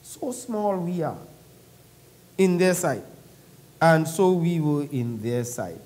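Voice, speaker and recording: High-voiced man preaching a sermon. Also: lively intonation, takes it slowly, darkish tone. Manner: reads scripture aloud and explains it conversationally; asks the congregation questions. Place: church.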